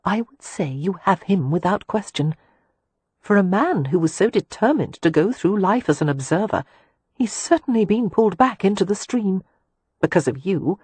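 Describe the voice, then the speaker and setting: A woman voicing Poppy, a gentle, kind young woman who speaks affectionately. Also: medium pitch, lively intonation, normal speed, husky, no echo, voice pushed up. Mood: fond. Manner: gentle and warm.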